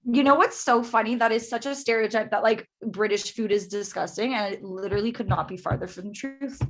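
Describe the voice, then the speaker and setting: A woman's voice: mid-range voice, fairly quick. A young woman from Canada, chatting casually as a podcast guest, with lots of fillers and acted-out quotes.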